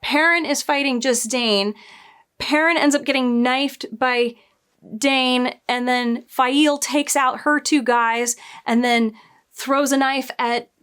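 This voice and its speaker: A woman's voice: high voice, steady tone, slow pace, a bit bright, clean tone. A woman casually reviewing a TV episode against the books, exasperated and sarcastic, often mocking the characters in quoted voices. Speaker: book and TV show reviewer.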